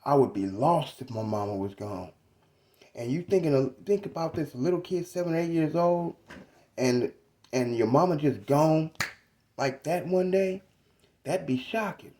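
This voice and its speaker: A man in his thirties telling a personal story about his mother in a reflective, halting, casual way. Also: fairly high pitch, warm tone. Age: 30s.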